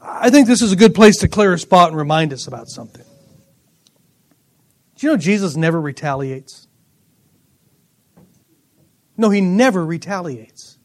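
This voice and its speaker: A middle-aged man preaching a sermon, telling lively personal stories with bursts of laughter. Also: high-pitched, moderate pace. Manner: animated storytelling with laughter. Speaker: pastor.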